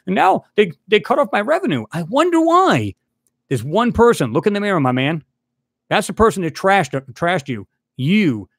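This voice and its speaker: Channel host, male, fairly high voice with big swings, dry close sound, angry rant style. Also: dry recording. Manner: heated, repetitive, addresses a rival directly. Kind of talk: angry ranting vlog.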